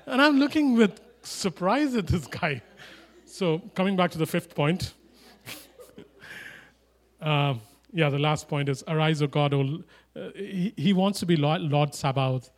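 A man preaching a sermon, animated and emphatic, with chatty asides and humorous stories. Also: a little high, normal speed. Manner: animated, rising to loud emphatic declarations.

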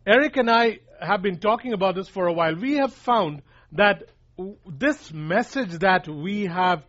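A preacher with a high, animated, fairly bright voice keeps a measured pace as he drives his points home, repeating key lines and calling his audience "guys." The recording is dull and lo-fi.

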